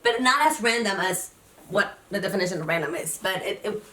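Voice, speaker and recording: A young woman talking fast and casually to camera, rambling with lots of fillers and restarts. Her voice sounds a bit distant from the mic, and the room gives it a noticeable echo. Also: medium pitch, animated, fairly bright tone. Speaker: vlogger. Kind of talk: casual personal vlog.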